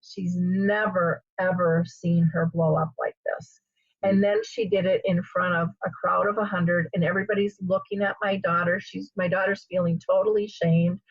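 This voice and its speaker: A middle-aged woman hosting an interview, telling a personal story with lots of animated acted-out quotes. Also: lowish voice, moderate pace, husky, dry recording. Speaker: host. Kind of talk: casual interview chat. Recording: dull lo-fi sound.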